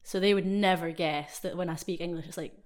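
A young woman from Scotland with a Scottish accent, talking as a podcast guest and telling stories in an animated way. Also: on the low side, brisk. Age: young adult. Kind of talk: casual chat.

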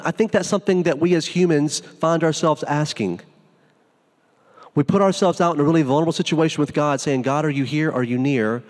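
A pastor preaching in a relaxed, conversational style, tossing in casual asides as he goes. His voice sits a little high for a man, and it carries a long reverb tail from a big church hall. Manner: conversational, informal preaching with frequent "like". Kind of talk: sermon.

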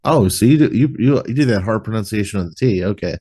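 Low-voiced man, rambling and jokey. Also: expressive, fast, dark tone, husky. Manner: rambling, jokey, swears freely. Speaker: podcast host. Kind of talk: casual chat.

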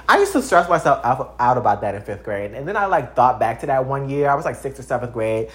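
A Texas vlogger of about thirty chats casually to camera at a moderate pace, barely pausing. Animated and profane, he swings widely in both pitch and loudness.

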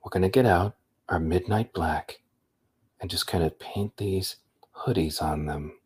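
A man doing a hushed painting-show host. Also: low-pitched, breathy edge, full character voice. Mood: soothing. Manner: hushed, slow, soothing. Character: gentle soft-spoken male TV painting instructor.

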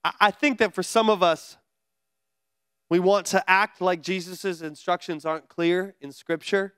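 High-voiced man preaching with energy. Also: unhurried, clear, resonant tone, no echo, clean studio sound. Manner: energetic, conversational preaching with playful asides. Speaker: pastor. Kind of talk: sermon.

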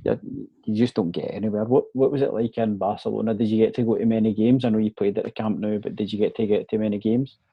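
Gravelly Scottish man chatting. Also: fairly low pitch, steady tone, fast talker, hardly any pauses, no room sound, lo-fi sound. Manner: chatty, says "mate" and "man" often. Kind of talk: casual chat.

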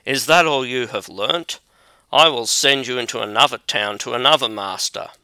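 Man voicing old count, scolding father, smooth resonant voice, dry close sound. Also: mid-range voice, moderate pace, pushed and bright, dry recording. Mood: stern. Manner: scolding and stern. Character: angry aged count, a harsh father.

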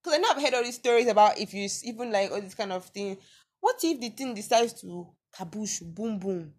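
Nigerian girl on her podcast, reading out listener stuff, super expressive, keeps going uh-uh and laughing. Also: mid-range voice, brisk, a little hiss or hum. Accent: Nigerian, Yoruba-inflected. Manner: animated, incredulous reactions with frequent laughter and exclamations. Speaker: podcast host. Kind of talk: casual solo podcast reading listener messages.

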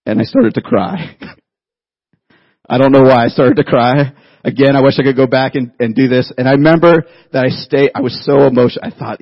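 A man in his thirties, a pastor, preaching a sermon and telling a childhood story in an animated way, laughing at himself. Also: mid-range voice, moderate pace, no echo, highs cut off.

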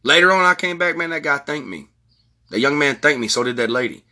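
A man's voice: fairly high pitch, lively intonation, a little fast, bright, forceful tone. A man, telling stories in a blunt, profane podcast monologue. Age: 40s. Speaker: podcast host. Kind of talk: heated monologue.

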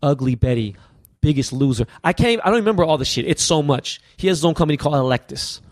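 A man from the US West Coast, a podcast guest, telling stories in an animated, profane, slang-heavy way. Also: on the high side, fast, dry recording, studio quality. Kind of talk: casual storytelling interview.

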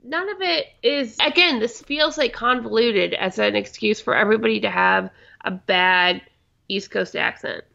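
A woman co-hosting a casual chat about a comedy show, with a fairly high, gravelly voice. She sounds opinionated and animated, often exasperated. The recording is dull and lo-fi. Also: moderate pace. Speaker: podcast co-host.

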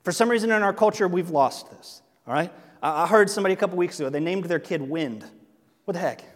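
A middle-aged man preaching in a church, his voice pitched high and carrying a long hall reverb. He talks in a lively, conversational way, breaking into asides and chuckles between points. His speed and loudness shift a lot from line to line. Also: fast talker. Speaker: pastor. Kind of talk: sermon. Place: church sanctuary.

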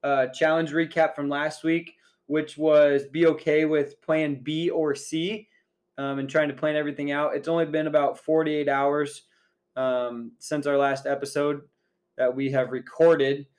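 A man's voice: fairly high pitch, flat delivery, unhurried, a little mellow. A man co-hosting a podcast, chatting casually and rambling through a story with many fillers. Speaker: podcast co-host.

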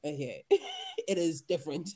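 A young woman hosting a casual chat, excitable and loud, swearing and laughing often. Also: low-pitched, normal speed, breathy edge. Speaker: podcast host.

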